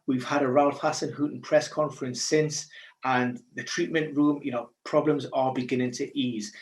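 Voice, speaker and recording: A man with a Geordie accent chatting casually as a podcast co-host, animated and joking. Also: medium pitch, roomy sound. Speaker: podcast co-host, football pundit.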